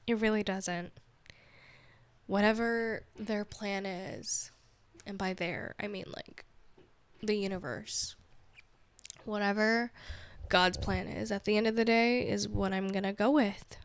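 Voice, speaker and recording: Medium in pitch and a bit bright, with no echo, this young woman's voice carries a casual solo podcast. She's candid and chatty, rambling along with "like" in almost every line.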